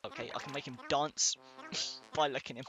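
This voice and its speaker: A man's voice: medium pitch, steady tone, normal speed, a crowd in the background. A man giving casual let's-play commentary, rambling and thinking aloud with many fillers. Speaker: let's player.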